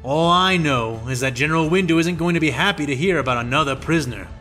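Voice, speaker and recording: A man's voice: fairly high pitch, fast, pushed and bright, soft background music. Rex, a man voicing a sarcastic soldier captain. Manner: sarcastic, grumbling.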